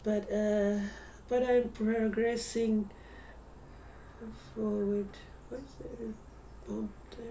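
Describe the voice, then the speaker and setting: A tired woman talking softly and hesitantly in a casual video diary at home, sometimes dropping into a whisper. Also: fairly high pitch, little pitch movement, extremely slow, far from the mic. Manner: soft and hesitant, slipping into whispers. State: tired, yawning. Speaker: vlogger. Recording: slightly off-mic with faint room hum.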